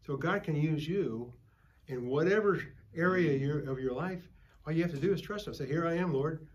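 A man's voice: fairly high pitch, moderate pace, highs cut off. An older man preaching at a Bible study, a folksy pastor who tells stories and calls for amens from the group. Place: church.

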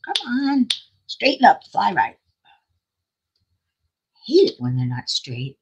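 Older woman, livestream host; husky, animated, rambling and self-deprecating. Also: medium pitch, slow pace. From South Florida. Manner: chatty, laughs often, self-deprecating. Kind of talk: casual rambling chat.

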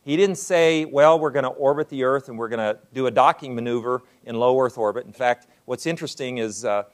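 An older man with a medium-pitched voice delivers a lecture to an audience in his role as a university president. He speaks unhurriedly, dropping in plenty of "uh" fillers.

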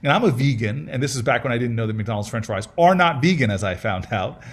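A man's voice: medium pitch, expressive, fast. A middle-aged man telling a personal story in a casual fireside chat, earnest and humorous, with frequent restarts and repeated words. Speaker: senator speaking as guest in a fireside chat.

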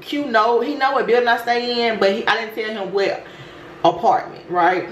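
A woman vlogger telling a story in a brash, profane, animated way. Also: on the high side, normal speed. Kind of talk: storytime chat. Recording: roomy room with faint noise.

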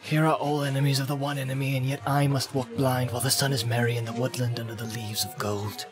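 A man's voice: mid-range voice, flat delivery, fast, over music, lightly acted. Man voicing a haughty elf archer. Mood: indignant. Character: proud, indignant male elf archer.

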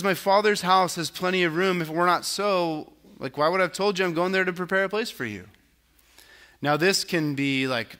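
A man pastor giving a conversational sermon, acting out quotes and asking his listeners tag questions. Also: bright, forceful tone. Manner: conversational preaching, acts out quotes with rising pitch; frequent tag questions, casual filler words.

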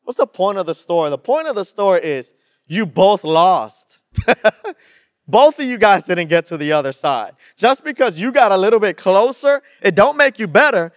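A young man preaching to a youth group in a slangy, energetic style with call-and-response. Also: high voice, normal speed, dry recording, studio quality. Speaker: youth pastor. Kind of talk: sermon.

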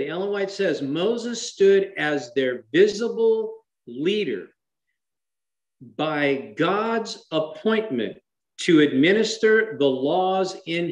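A man with a rather high voice leads a Bible study, talking in an animated, conversational way. He keeps throwing rhetorical questions at his listeners, and the room around him sounds echoey. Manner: animated, with dramatic shifts in emphasis. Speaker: Bible teacher.

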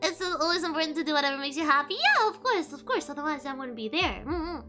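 A bubbly young woman chatting to her stream audience. Her high voice jumps all over the place and sounds bright and sharp. Soft music plays faintly under her. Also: expressive, fast talker. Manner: bubbly, giggly, bursts into high squeals. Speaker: VTuber streamer. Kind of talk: casual live-stream chat with viewers.

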